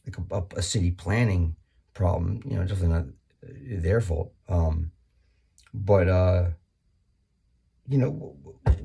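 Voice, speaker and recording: A man doing a rambling, profane comedy monologue, full of restarts and sudden high-pitched bursts. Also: expressive, measured pace, creaky, long pauses, warm tone, breathy edge.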